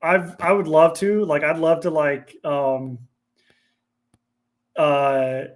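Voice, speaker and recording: A man's voice: a little high, steady tone, slow pace. A man with a slightly raised voice speaks candidly about his past, earnest and unguarded. He talks like a podcast guest sharing something personal, with the odd curse word thrown in. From Ohio, USA. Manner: earnest, candid, swears casually. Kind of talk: emotional personal storytelling.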